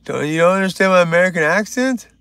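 A man's voice: high-pitched, expressive, fast, a bit bright, clean tone, no room sound. A man hosting a casual livestream, joking, rambling and reading chat aloud. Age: older. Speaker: livestream host.

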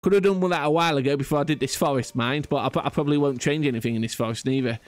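A gaming YouTuber rambles through casual gameplay commentary in a voice on the high side, racing along with no room sound. He's chatty and self-mocking, restarting often.

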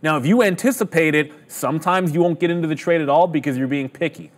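A man's voice: on the high side, fast talker. A man giving a trading lesson in an emphatic, instructive way. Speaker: trading educator.

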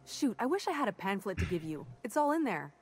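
A woman's voice: medium pitch, very animated, a little fast, a little mellow, husky, soft background music. An actress playing a cheerful, folksy woman who recruits for a commune in a video game, chatty and eager to please. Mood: friendly.

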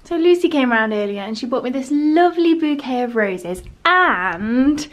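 A woman's voice: high-pitched, lively intonation, normal speed. A British woman in her twenties talking candidly to camera at home in a casual vlog, informal and chatty. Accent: British English. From United Kingdom. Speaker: vlogger. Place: home, indoors.

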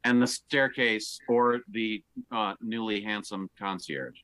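An older man acting as game master in an improvised comedy scene over a video call, with a dry, deadpan delivery. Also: on the low side, takes it slowly, no room sound.

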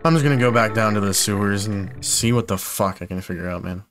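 A young man commentating a horror game as he plays, frustrated and confused, swearing often and breaking into loud startled yelps. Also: on the low side, fast, hardly any pauses. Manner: frustrated, swearing a lot, bursts of loud surprise. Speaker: gaming YouTuber. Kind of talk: let's play commentary. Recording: game music playing behind.

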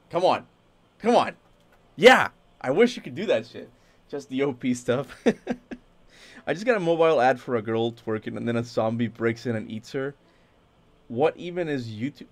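A young man casually commenting on his gameplay during a livestream, excitable, swearing freely and talking to his chat. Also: medium pitch. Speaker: game streamer.

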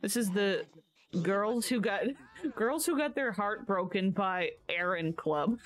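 A woman talks casually into a close mic as she plays a game, chatting away to her viewers. Her voice sits at a middling pitch, and she reacts out loud with quick laughs and gasps. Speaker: gaming video creator. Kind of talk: casual gameplay commentary.

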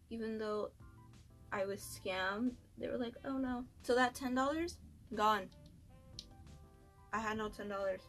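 A young woman vlogging in a loose storytime ramble, slangy and peppered with swearing. Her mid-pitched voice has a gravelly fry, and soft music plays faintly underneath. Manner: slangy, swears, many likes. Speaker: beauty vlogger. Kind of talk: casual storytime chat.

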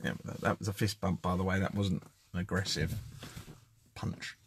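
A man's voice: sits low, level tone, moderate pace, a little hiss or hum. A man hosting a casual live-stream giveaway, joking and calling out viewers by name. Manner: jokey, chatty, shouting out viewers by name.

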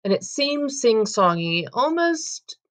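A woman's voice: a little high, big pitch swings, takes it slowly, fairly bright tone. A woman teaching a casual poetry lesson, talking in a chatty, filler-heavy way and correcting herself as she goes.

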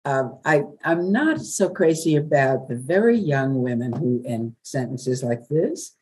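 An older woman from New York, a veteran radio journalist, telling stories in a chatty, lively way as an interview guest. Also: sits low, a little slow, slight background noise, low-quality recording. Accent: New York, softened. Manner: warm, chatty storyteller with laughs. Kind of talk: webinar interview.

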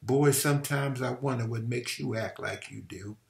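A man's voice: mid-range voice, moderate pace, gravelly, lightly acted. Man reading as a bitter scolding mother. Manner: pleading, then bitter and scolding. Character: weary, angry older mother scolding her son. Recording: roomy echo.

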